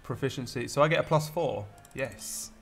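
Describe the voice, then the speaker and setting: Male player, joking and playful, average pitch. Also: moderate pace, gravelly. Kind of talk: casual tabletop game chat.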